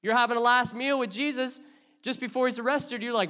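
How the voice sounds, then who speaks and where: A man preaching a sermon, telling a story with dramatic swings between loud outbursts and hushed asides. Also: very high-pitched, brisk, long reverb tail. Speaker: pastor.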